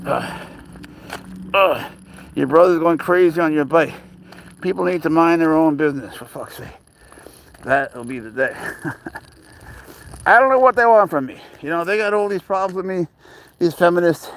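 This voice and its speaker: Gravelly man chatting while walking his cat. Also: on the high side, a bit bright, a little hiss or hum. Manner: rambling, talks to his cat in coaxing baby talk. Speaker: pet owner live-streaming. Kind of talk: casual live-stream chat. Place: outdoors, walking near a parked car.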